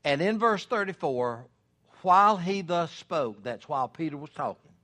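A man preaching a sermon in an earnest, folksy way, rising to loud emphasis at key points. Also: on the high side, expressive, normal speed. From United States.

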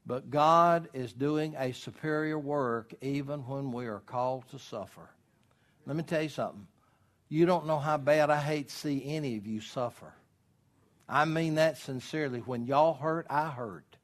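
A man preaching a sermon as pastor, animated and storytelling, acting out voices in his illustrations. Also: medium pitch, normal speed.

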